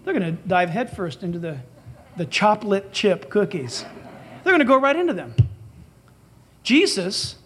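A man's voice: high voice, sing-song, moderate pace, long pauses, a bit bright, husky. A man preaching a sermon as pastor, emphatic and dramatic, acting out the dialogue he quotes.

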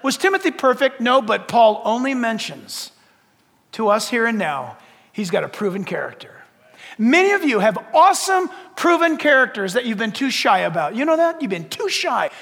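A man preaching a sermon as pastor, animated, acting out little dialogues and rising to shouts. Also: very high-pitched, moderate pace. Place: church sanctuary. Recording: long reverb of a church hall.

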